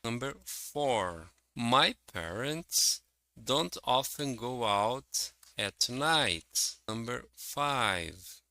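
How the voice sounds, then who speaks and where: Male English teacher, very slow and careful, bright forceful tone, walks through examples. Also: mid-range voice, animated, no echo, poor audio. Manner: slow, careful and explanatory, reading out example sentences. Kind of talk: slow, deliberate grammar lesson.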